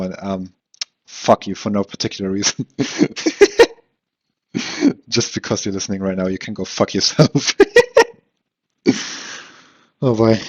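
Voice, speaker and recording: A man's voice: fairly low pitch, husky, dry recording. A young man with a slight lisp hosting a solo podcast, rambling and swearing, restarting sentences and slurring his words. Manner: rambling, profane, self-deprecating, lots of fillers and restarts. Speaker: podcast host. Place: room at home. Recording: dull lo-fi home recording.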